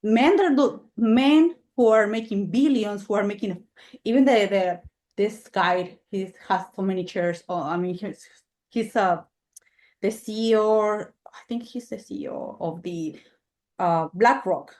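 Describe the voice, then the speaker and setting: A woman's voice: mid-range voice, unhurried, darkish tone. A woman podcast host talking heatedly and emphatically in casual chat, swearing freely.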